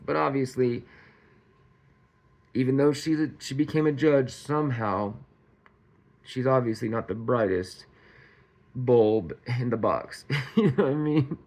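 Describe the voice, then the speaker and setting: A man with an average-pitched voice hosts a casual true-crime commentary. He reads the facts, then drifts into rambling, sarcastic asides, colloquial phrasing and frequent chuckles. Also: a little mellow. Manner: laughs often, rambling and sarcastic; colloquial, says y'all.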